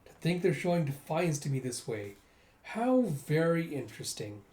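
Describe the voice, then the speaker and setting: A man's voice: fairly high pitch, big pitch swings, moderate pace, darkish tone, reverberant. A man voicing a cold, mocking male mad scientist villain with a gleeful, taunting manner.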